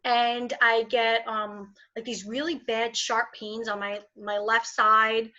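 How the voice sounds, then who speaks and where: Bright-voiced woman in her twenties, lo-fi. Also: on the high side. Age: 20s. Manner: candid, laughing, frequent fillers and restarts. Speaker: podcast guest. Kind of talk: casual interview conversation. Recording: dull lo-fi sound.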